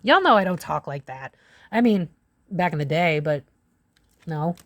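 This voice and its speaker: A lower-voiced woman reads tarot cards straight to her viewers. She is blunt and swears freely, jumping into loud exclamations. Her voice sounds dry and close, with no room around it. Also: lively intonation, no room sound. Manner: blunt and profane, quick swings into loud exclamations. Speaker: psychic tarot reader. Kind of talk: casual tarot reading to camera.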